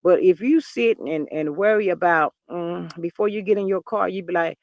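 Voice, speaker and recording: A man in his fifties hosting a livestream, chatting in an expressive way, reading viewer comments and often calling listeners "child". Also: sits high, normal speed, creaky, dry recording. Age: 50s. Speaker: livestream host.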